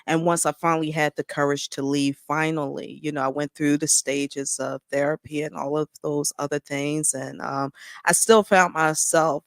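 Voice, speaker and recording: A woman's voice: low voice, little pitch movement, normal speed, no room sound. Woman guest on a podcast, earnest heartfelt storyteller, lots of ums, dry close sound. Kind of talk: casual interview chat.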